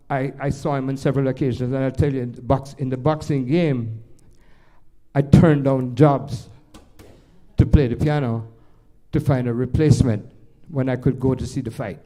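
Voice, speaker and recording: Older Jamaican man telling stories. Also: medium pitch. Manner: rambling, animated anecdotes with many restarts. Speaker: jazz pianist and storyteller. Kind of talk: stage storytelling to a live audience.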